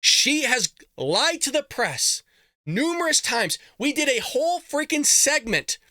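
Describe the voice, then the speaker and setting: A man's voice: very high-pitched, big pitch swings, a little slow, pushed and bright, no echo, studio quality. A man hosting a political commentary show, ranting in a riled-up, emphatic way with frequent swearing. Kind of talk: heated political rant.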